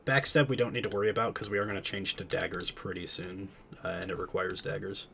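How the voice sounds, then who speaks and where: A man's voice: low voice, level tone, quick pace, gravelly, bright, forceful tone, a little hiss or hum. A man streaming a game, chatting casually and explaining the mechanics as he plays. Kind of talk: casual gameplay commentary.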